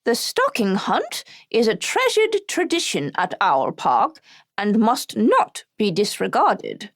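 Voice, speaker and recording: A woman voicing a stern, imperious elderly aristocratic lady, speaking slowly and firmly in an audiobook reading. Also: mid-range voice, huge pitch swings, no room sound, studio quality, exaggerated voice. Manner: slow, measured, clipped.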